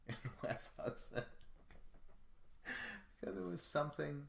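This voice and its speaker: A man's voice: medium pitch, slow, vocal fry, long pauses, a bit bright, echoey room. A man hosting a podcast alone, recapping in a casual, rambling way that is full of profanity. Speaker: podcast host. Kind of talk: solo show recap.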